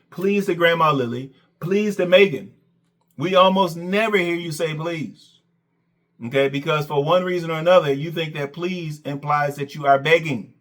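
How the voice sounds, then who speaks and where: A man's voice: on the high side, a bit bright. A man hosting a reaction commentary, sarcastic and mocking, who keeps repeating "okay" and "Coach.". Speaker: commentary channel host.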